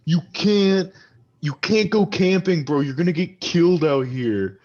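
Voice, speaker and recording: A man voicing a rowdy drunk young man who keeps calling after his friend, in loud, slurred bro-speak. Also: a little high, animated, a little slow, dull audio, voice pushed up. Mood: drunk, pleading.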